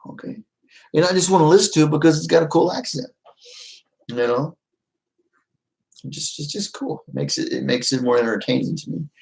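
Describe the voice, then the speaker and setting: A man's voice: a little high, fairly quick, gravelly, long pauses, darkish tone, poor audio. A man chatting casually with his live-stream viewers, easygoing and rambling, often laughing. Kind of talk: casual livestream chat.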